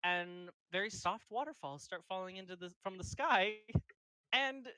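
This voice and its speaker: Man running a tabletop game, loose rambly narration, bright tone, dry close sound. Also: high voice, unhurried, clear, resonant tone, dry recording, rough recording. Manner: casual, rambling, lots of fillers. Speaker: game master.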